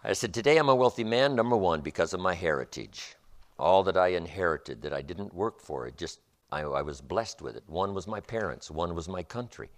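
A man's voice: low-pitched, animated, fairly quick. A man giving a motivational lecture with an emphatic, repetitive, preacher-like cadence. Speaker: motivational speaker.

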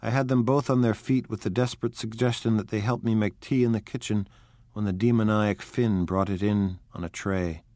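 An audiobook narrator, a man with a low voice, reads a novel from a script in a steady, measured, even and unhurried manner. The recording is close and dry, with a dead sound and no room sound at all.

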